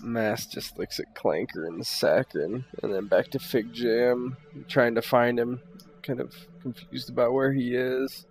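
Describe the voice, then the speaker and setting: A man playing in a tabletop game, describing his character's actions in slow third-person narration. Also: medium pitch, fairly even intonation, a little mellow. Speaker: player. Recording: faint background music.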